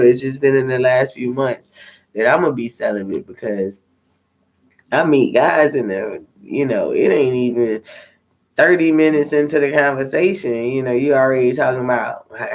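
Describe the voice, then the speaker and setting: This tired-sounding tarot reader has a medium-pitched voice with vocal fry. He chats to his viewers off the cuff, candid and rambling, and swears plenty.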